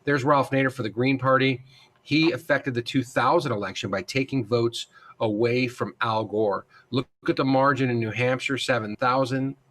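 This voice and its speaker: Male instructor with a casual lecture manner, chatty and informal, mid-pitched voice, full of fillers and restarts. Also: steady tone, normal speed, fairly bright tone. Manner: casual, addresses students as guys, many fillers and restarts. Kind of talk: recorded classroom lecture.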